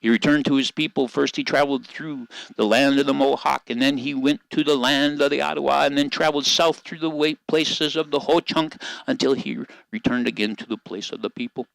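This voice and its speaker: An older man tells a story in a gentle, measured voice, leaning into pauses. His pitch sits in the middle for a man. The recording is dry and close. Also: steady tone, vocal fry, dry recording, poor audio. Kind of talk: telling a story aloud.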